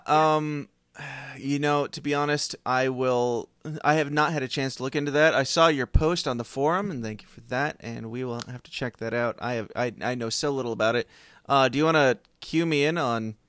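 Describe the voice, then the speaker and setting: A man's voice: medium pitch, moderate pace, fairly bright tone, dry recording. A man hosts a casual podcast, his voice dry and close to the mic. He is laid-back and wry, slipping jokes into easy conversation. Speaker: host.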